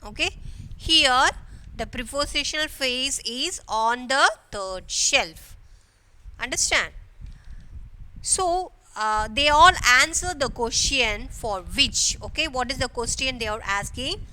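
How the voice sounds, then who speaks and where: A woman's voice: high-pitched, unhurried, sharp tone, low-quality recording. A woman teacher giving a grammar lesson to schoolchildren, repeating each phrase and checking in with a frequent "okay".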